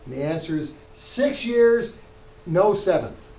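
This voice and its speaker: Man, professor, lecturing, emphatic, fairly high voice, echoey classroom. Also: expressive, takes it slowly, darkish tone. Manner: explanatory, emphatic, with frequent restarts. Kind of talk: university lecture.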